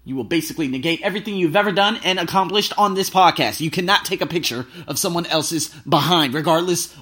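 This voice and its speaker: A man's voice: fairly high pitch, quick pace, sharp tone. A man voicing a stern male angel on his shoulder, firm and scolding.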